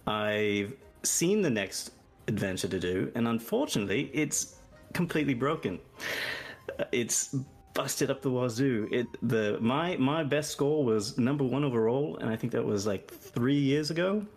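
A man's voice: mid-range voice, expressive, normal speed, a little mellow, soft background music. A man with a Canadian accent chatting on a podcast, joking at his own expense and laughing often. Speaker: podcast guest. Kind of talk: casual podcast chat.

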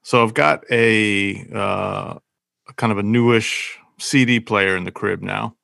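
A man with a low, gravelly voice talks easily in a relaxed chat. He asks his questions without hurry. The sound is close and dry. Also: slow pace, no echo. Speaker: podcast co-host. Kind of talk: casual chat.

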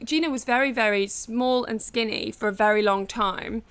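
Chatty woman, animated storyteller. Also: fairly high pitch, normal speed, clean tone. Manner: animated, self-mocking storytelling with acted-out quotes. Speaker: guest comedian. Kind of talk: casual podcast chat.

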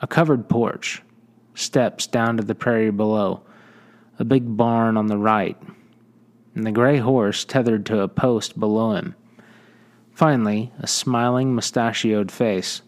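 A man reading a western short story aloud in measured audiobook narration. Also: lowish voice, fairly even intonation.

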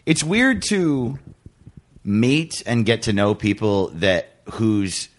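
A man hosting a podcast, telling excited stories in casual, swearing chat. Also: lowish voice, slow. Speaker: podcast host.

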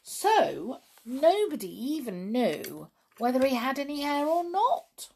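Slow gravelly woman reading a story. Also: high-pitched, big pitch swings, darkish tone. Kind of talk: children's story read aloud.

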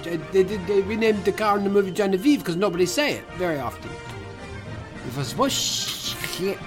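A man doing a hurried ghost director, mock South African. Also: high voice, expressive, over music, voice pushed up. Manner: hurried, halting, many restarts. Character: ghost of a hurried old male film director. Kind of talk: comedy podcast impression.

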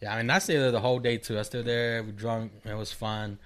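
A man's voice: mid-range voice, level tone, fairly quick, a bit bright. Laughing, rambling man telling a story. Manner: rambling, laughing, profane retelling with quoted voices. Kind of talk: casual chat.

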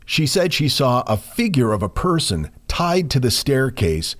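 Lively male podcast storyteller. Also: medium pitch, measured pace. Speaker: podcast co-host.

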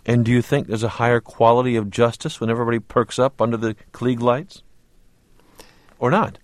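A man's voice: medium pitch, fairly even intonation, a little fast, dry recording. A man hosting a radio call-in interview, asking questions in a conversational way. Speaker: radio host.

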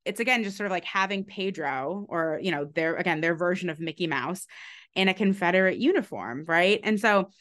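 A woman's voice: on the low side, a little fast, a bit bright. A woman author and historian giving a long, explanatory interview answer, laughing lightly between points.

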